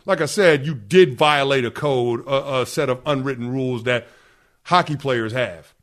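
A man's voice: medium pitch, moderate pace, fairly bright tone. A man co-hosting sports radio, giving emphatic opinions packed with fillers. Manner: emphatic, full of "like" fillers and restarts.

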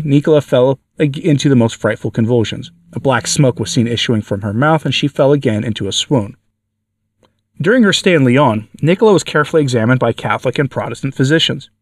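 A man reading a devotional story aloud for a podcast, earnest and measured, with small slips. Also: medium pitch, dry recording, clean studio sound, distant mic. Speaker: podcast narrator.

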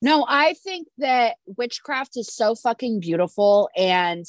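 A woman podcast host chats casually, throwing in blunt, swearing reactions and quick follow-up questions. Her pitch swings widely and sits a bit above the usual for a woman. The recording is dry and close-miked. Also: expressive, no echo. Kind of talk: casual chat.

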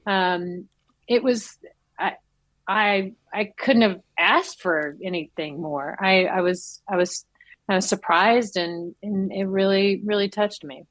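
Actress guest, woman, lively storyteller, dry close mic. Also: slow pace, no room sound. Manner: animated, acts out quotes with big pitch jumps. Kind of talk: casual interview chat.

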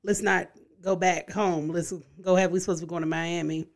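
A woman's voice: fairly low pitch, fairly even intonation, fairly quick. A woman guest on a podcast, telling family stories in a casual chat and laughing as she talks.

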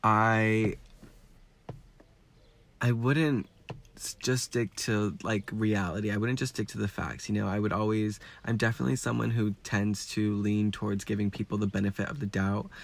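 A man's voice: lowish voice, steady tone, moderate pace, creaky. A man hosting a podcast, talking frankly in a casual, rambling way with lots of swearing. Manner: frank and heavily profane; rambling with many fillers. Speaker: podcast host.

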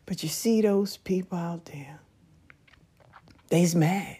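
A woman's voice: on the low side, takes it slowly, long pauses, husky. Folksy woman spinning a story. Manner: folksy, animated storytelling with laughs. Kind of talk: casual monologue. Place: back porch, outdoors.

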